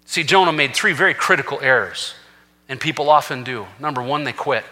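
A man's voice: medium pitch, lively intonation, brisk, bright, forceful tone. A man preaching a sermon as senior pastor, telling a scripture story with acted-out quotes and rising to fervent peaks. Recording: long reverb of a large hall.

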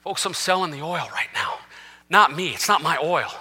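Quoting scripture, a senior pastor delivers a passionate sermon to his congregation in a church sanctuary, recorded in a reverberant hall. His voice sits on the high side, sing-song and husky, with a sharp tone and a moderate pace.

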